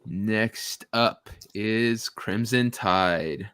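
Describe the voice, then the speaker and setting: A man hosting a casual panel chat, lively and laughing easily as he tallies votes. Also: on the low side, very slow, clear, resonant tone, no room sound. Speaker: host.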